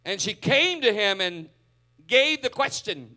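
High, bright-voiced preacher, slow and dramatic. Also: male voice, sing-song. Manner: dramatic, swings from loud to hushed. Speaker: pastor. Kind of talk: sermon. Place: church.

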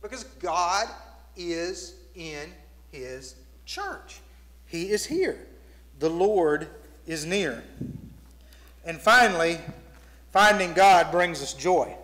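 This pastor's sermon moves very slowly, with frequent pauses, yet stays animated as he tells stories and voices the people in them. His voice sits high and has a fairly bright tone. The sanctuary gives it a long church reverb.

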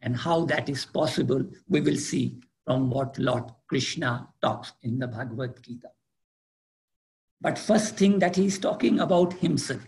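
A man with an Indian accent giving a spiritual lecture, deliberate and repeating key words for emphasis. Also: medium pitch, vocal fry, a little mellow. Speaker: spiritual teacher.

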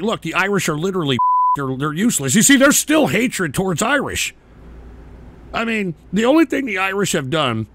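A man hosting a live radio-style show, ranting profanely at chat commenters and shouting in mocking outbursts. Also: fairly high pitch.

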